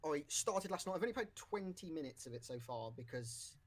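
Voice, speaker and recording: A man's voice: a little high, animated, a little fast. Man, casual podcast chat, rambling, lots of ums and likes, hiccups. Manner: rambling, many fillers and restarts. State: has the hiccups. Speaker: podcast co-host.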